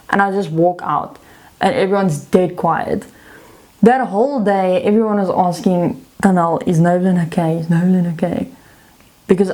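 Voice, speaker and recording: A young woman vlogger casually telling a story, retelling a frustrating job with animated energy. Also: mid-range voice.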